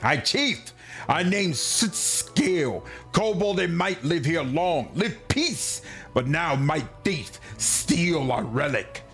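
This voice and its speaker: Proud little kobold chief with blustering broken speech, voiced by a man, lively pitch. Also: slow, soft background music, full character voice. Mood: indignant.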